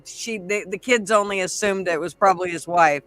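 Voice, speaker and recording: An older man with a high, bright voice, talking in a loose, chatty way. He laughs easily and tells stories in a rambling, casual style, recorded dry and close. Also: normal speed, no echo. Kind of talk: casual chat, storytelling.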